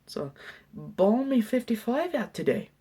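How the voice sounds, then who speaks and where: A man imitating a jovial older male janitor who puts on a fake Irish accent, in a high, loud, cheery voice. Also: sing-song, a little slow, breathy edge, heavily acted. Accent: put-on Irish.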